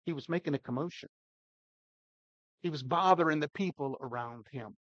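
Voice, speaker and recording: An older man preaching a sermon with emphatic, dynamic delivery, his loudness swinging widely. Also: a little high, moderate pace, no echo, lo-fi sound. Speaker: pastor.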